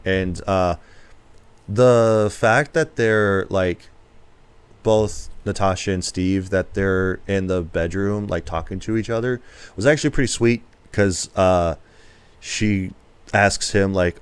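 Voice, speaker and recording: Male podcast co-host, smooth lower voice, chatty scene-by-scene recapper. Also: measured pace. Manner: retells scenes with quoted lines, lots of fillers. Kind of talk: casual movie review chat.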